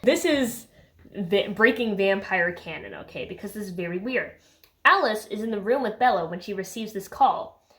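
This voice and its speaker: A woman's voice: medium pitch, lively intonation, normal speed, a bit bright. A young woman vlogging about a book she read, chatty and sarcastic, full of filler words. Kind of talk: casual chat.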